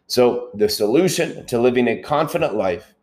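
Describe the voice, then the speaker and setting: A man's voice: mid-range voice, animated, moderate pace, darkish tone. A man hosting a motivational self-help podcast, speaking earnestly, repeating key points and checking in with the listener. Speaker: podcast host.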